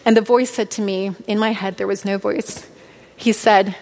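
A woman's voice: mid-range voice, fairly even intonation, moderate pace, darkish tone. A woman in her thirties giving an earnest, heartfelt testimony sermon to a church. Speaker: speaker at a church. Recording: long hall reverb.

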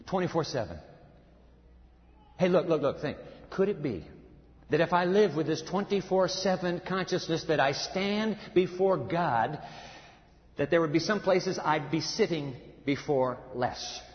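High-pitched guy preaching a sermon, big swings loud to quiet, echoey church hall. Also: lively intonation, measured pace. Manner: emphatic, swings from loud to hushed. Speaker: pastor. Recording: reverberant hall, dull sound.

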